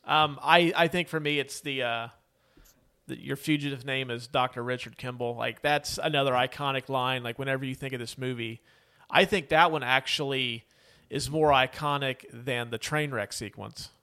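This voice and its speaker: A man's voice: medium pitch, moderate pace, pushed and bright, smooth. A man co-hosting a casual movie podcast, rambling with many fillers and laughs. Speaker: podcast co-host. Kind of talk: casual movie review chat.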